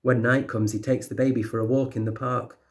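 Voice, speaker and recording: Male teacher reading a kids picture book, steady clear voice, middling pitch. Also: a little fast.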